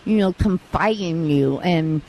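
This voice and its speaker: A woman's voice: fairly low pitch, a little mellow, rough recording. Earnest woman with a slight lisp. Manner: earnest, halting with restarts and fillers. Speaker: interview guest, mission staff. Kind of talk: personal testimony. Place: outdoors at a live charity event.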